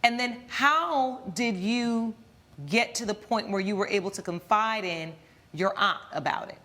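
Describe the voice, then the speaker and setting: Brief: woman TV judge, firm and probing, mid-range voice, steady questioning. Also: medium pitch. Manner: measured, probing, authoritative. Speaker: TV court judge. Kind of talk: courtroom questioning.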